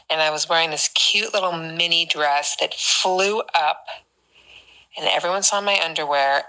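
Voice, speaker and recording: A woman guest tells her story in long run-on sentences. Her voice sits low but has a bright, forceful edge. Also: poor audio. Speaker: podcast guest. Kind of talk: casual storytelling.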